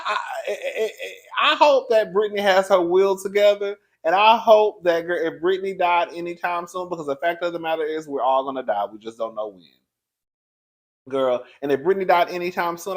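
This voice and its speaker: A man giving sassy, chatty celebrity gossip commentary, laughing often and calling the listener "girl". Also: fairly high pitch.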